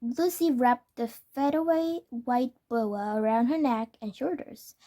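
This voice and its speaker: A woman reading a children's storybook aloud, careful and steady, now and then correcting a word. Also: fairly high pitch, a little slow. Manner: careful, with small self-corrections. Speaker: storybook reader. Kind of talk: children's book read-aloud.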